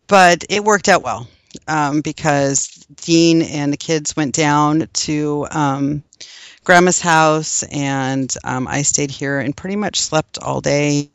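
A woman's voice: low voice, takes it slowly, dry recording, highs cut off. A middle-aged woman co-hosting a podcast, chatting casually with lots of ums and laughs. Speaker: podcast co-host. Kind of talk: casual chat.

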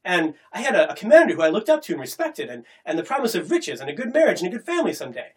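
Brief: a man as a worn-down young warrior, heated and lively. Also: high voice, rapid-fire. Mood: bitter. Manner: heated outpouring.

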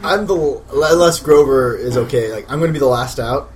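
A man playing a tabletop game, talking excitedly, stammering and laughing often. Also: medium pitch, brisk, background noise. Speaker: player. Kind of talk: casual tabletop play.

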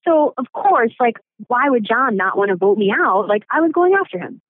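A woman's voice: a little high, big pitch swings, moderate pace, dry recording. Blunt, sarcastic woman guest, dry and tinny phone-line sound. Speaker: voted-out contestant guest. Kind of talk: phone interview. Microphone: telephone.

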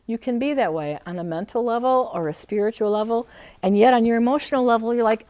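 A middle-aged woman teaching an emotional healing practice in a gentle, earnest way, acting out feelings in short quoted lines. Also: a little high, quick pace, no room sound, lo-fi sound. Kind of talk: reflective teaching talk.

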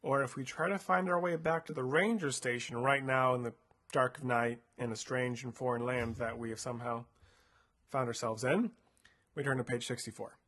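A husky-voiced man reads a choose-your-own-adventure book aloud in a relaxed, playful way. He peppers the story with filler words and chats with his co-host between passages. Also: mid-range voice, normal speed. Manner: laid-back, lots of "like" fillers, playful. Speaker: co-host reading a gamebook.

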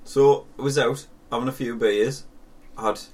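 Sunderland man telling an animated story. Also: medium pitch, moderate pace, recorded from a distance. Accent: Northern English (Sunderland). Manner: animated storytelling, swearing, laughing. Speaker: podcast co-host. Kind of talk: casual chat.

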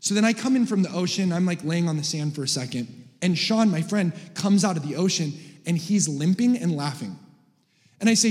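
A man preaches with a high, bright voice, cracking jokes and rising to shouts. His words ring out with a long reverb across a large church hall. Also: brisk. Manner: joking, animated, builds to shouts. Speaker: guest preacher. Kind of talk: energetic sermon.

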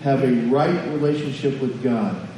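A man's voice: mid-range voice, moderate pace, mellow, far from the mic, a little hiss or hum. Man preaching in an echoey hall. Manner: conversational preaching with questions to the congregation. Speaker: pastor. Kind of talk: sermon.

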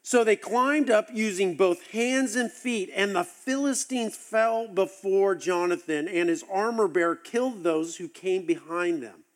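A man with a high voice preaches a sermon. He tells the story with animated, acted-out asides. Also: measured pace, few pauses. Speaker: pastor.

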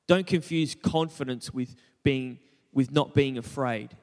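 Speaking unhurriedly in a large, resonant room, this young man has a fairly high, darkish voice. As a pastor, he keeps his sermon conversational, cracking self-deprecating jokes and questioning his listeners.

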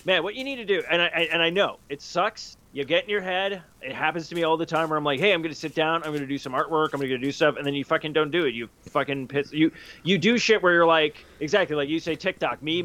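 A man on a casual podcast, cheering on a friend in an emphatic, profane rush. His voice sits a bit high and sounds bright and forceful. It is an unscripted, chatty delivery. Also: a little fast. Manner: emphatic, profane pep-talking. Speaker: podcast co-host.

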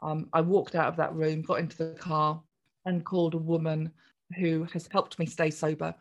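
A woman, a podcast guest chatting through a personal story in a jolly, animated way. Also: low voice, moderate pace. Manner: chatty, jolly, acts out voices in quoted speech.

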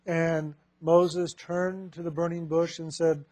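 A man giving a spiritual talk, telling a story slowly and deliberately and repeating phrases for emphasis. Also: fairly high pitch, little pitch movement, a little mellow, no room sound. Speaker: spiritual teacher.

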